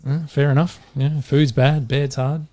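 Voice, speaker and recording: A man's voice: fairly high pitch, level tone, unhurried, mellow. Jokey Australian man telling dad jokes. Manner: jokey, rambling with fillers. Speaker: podcast co-host.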